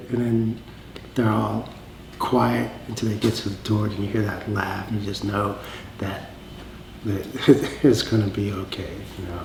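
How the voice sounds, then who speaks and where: A man reminiscing in a documentary interview, telling stories with restarts and fond pauses. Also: fairly low pitch, fairly even intonation, vocal fry. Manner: warm storytelling with restarts. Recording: echoey room with faint noise.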